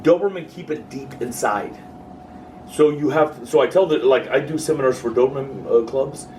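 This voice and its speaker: In a workshop room full of listeners, a man gives a casual, joking lecture on dog training and voices the people he quotes. His voice is mid-range and a little mellow, at a moderate pace. The audio is distant, and background noise is clearly audible.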